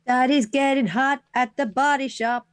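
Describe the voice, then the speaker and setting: A woman's voice: sits high, steady tone, normal speed, smooth, no room sound. A woman co-hosting a casual chat show, making dry, sarcastic remarks. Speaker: co-host.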